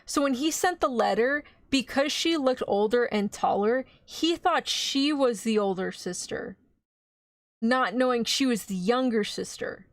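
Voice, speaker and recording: Animated young-sounding woman streamer. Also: on the high side, measured pace, dry recording. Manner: animated, laughing, swears when indignant. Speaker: VTuber host. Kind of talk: casual anime recap.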